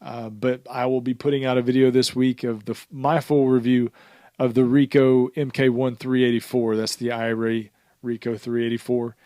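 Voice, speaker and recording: Male co-host, mid-pitched, loose rambling delivery, dry close mic. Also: level tone, moderate pace, dark tone, dry recording. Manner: rambling, laughs often, lots of "uh" fillers. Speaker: podcast co-host. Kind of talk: casual podcast chat.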